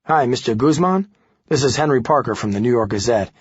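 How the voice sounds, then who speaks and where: A man's voice: mid-range voice, fairly quick, slightly rough, dry recording, highs cut off. A man voicing an eager young newspaper reporter, polite but pushy, in an audiobook.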